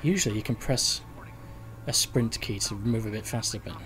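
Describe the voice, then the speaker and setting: This let's-play host has a fairly low, slightly bright voice and keeps a moderate pace while faint music plays underneath. He muses aloud and rambles casually as he narrates his own gameplay.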